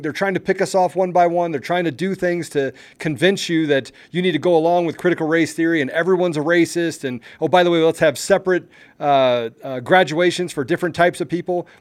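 A man co-hosting a political podcast, talking with fervent, repetitive urgency that rises in intensity. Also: a little high. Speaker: podcast co-host. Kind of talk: impassioned political commentary.

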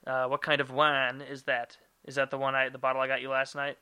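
A man's voice: mid-range voice, monotone, a little fast, bright, forceful tone, smooth. A man hosting a casual podcast, reading out listener questions and wandering into loose, profane asides. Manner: loose and profane, rambling asides, hums filler syllables. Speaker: podcast host.

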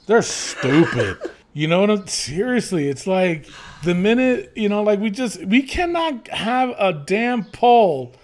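A man co-hosting a casual chat podcast, reading listener comments aloud with animated swearing and frequent laughter. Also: high-pitched, measured pace.

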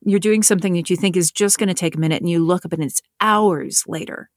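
A woman from North Carolina talks through her ideas in an interview, often circling back and repeating words as she thinks. Her voice sits a little low. The recording is dry and close. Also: quick pace, no echo. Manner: thoughtful, with frequent restarts and repeated words. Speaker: author and audiobook narrator. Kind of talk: conversational interview.

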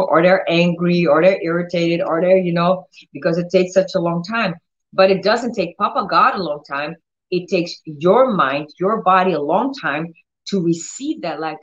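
A woman's voice: fairly low pitch, normal speed, highs cut off. Emphatic woman preaching divine healing. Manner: emphatic, commanding, repeats words, acts out prayers. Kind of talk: charismatic healing sermon.

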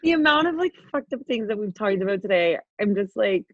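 A woman's voice: medium pitch, lively intonation, brisk, dry recording. A young woman co-hosts a podcast in loose, casual chat. She rambles through stories, laughs often and swears freely. Her voice sounds dry and a little muffled. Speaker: podcast co-host.

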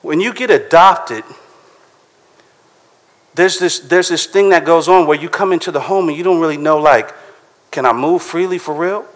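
Casual preacher in a reverberant hall. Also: male voice, on the high side, moderate pace, long pauses. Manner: casual, conversational preaching with frequent "right?". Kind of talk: sermon.

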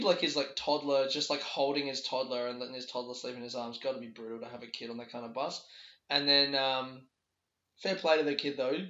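In an echoey room captured with dull lo-fi sound, a young Australian man tells a story in his Australian accent. His medium-pitched voice is bright and forceful, and his telling is casual and rambling, with frequent laughter and free swearing.

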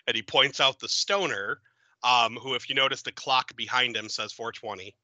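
A man hosting a podcast, retelling a film in a giggly, animated way. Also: medium pitch, normal speed, no room sound, rough recording. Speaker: podcast host. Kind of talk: casual film review chat.

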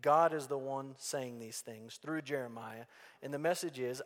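Earnest male preacher, mid-pitched, hammering phrases home; long hall reverb. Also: normal speed. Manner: earnest, emphatic, repeats key phrases. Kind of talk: sermon.

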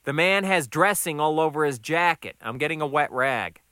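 A man's voice: on the high side, expressive, normal speed, pushed and bright, smooth, no room sound. A man voicing a smart-mouthed, stocky new cook near forty who stays unflustered. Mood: defensive. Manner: unflustered, dry wisecracks.

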